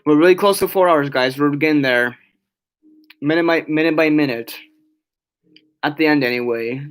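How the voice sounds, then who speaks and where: A man's voice: on the high side, moderate pace, clear, resonant tone. A tired young man chatting on a casual live stream, reading chat aloud and rambling with many restarts and fillers. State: yawning, tired.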